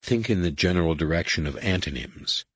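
A man's voice: low-pitched, lively intonation, fairly quick, a bit bright, breathy edge, dry recording, heavily acted. A male narrator voicing a weary new mother who speaks weakly with dry wit. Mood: wry. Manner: weak, wry.

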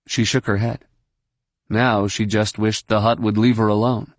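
A man reading a novel aloud in steady scripted narration. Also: lowish voice, a little slow, dry recording, studio quality. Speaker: audiobook narrator.

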